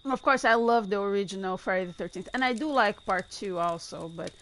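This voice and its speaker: A woman giving chatty, excitable gameplay commentary and laughing often. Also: mid-range voice, brisk, dry recording. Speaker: gamer.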